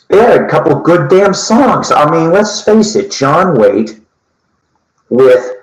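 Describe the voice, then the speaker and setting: A man hosting a podcast in casual chat, rambling and swearing casually as he talks. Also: medium pitch. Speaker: podcast host. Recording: echoey room.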